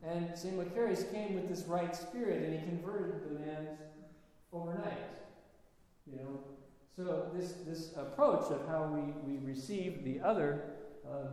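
A man giving a sermon, telling stories in a halting, conversational way with many restarts. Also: on the high side, darkish tone. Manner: storytelling, halting with restarts and fillers. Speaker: preacher. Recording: echoey hall with long reverb.

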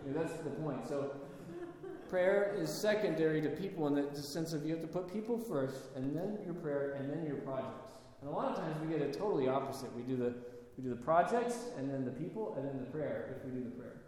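Man, preacher, sermon, somewhat high voice, conversational storytelling, heavy echo. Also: animated, a little fast, darkish tone. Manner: storytelling, conversational with rhetorical questions. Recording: echoey hall.

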